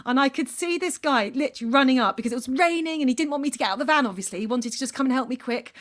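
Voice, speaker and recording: A middle-aged woman, a podcast co-host, reads a letter aloud and then chats casually, an animated storyteller who laughs easily. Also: sits high, very fast.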